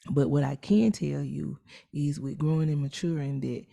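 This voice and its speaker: A middle-aged woman co-hosting a podcast, speaking in a measured, reflective way. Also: sits low, steady tone, creaky, warm tone. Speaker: podcast co-host. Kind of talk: casual conversational reflection.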